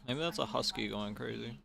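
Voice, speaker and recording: A man's voice: medium pitch, vocal fry, a bit bright. A man casually commenting on a game he plays on stream, with wry, sarcastic remarks.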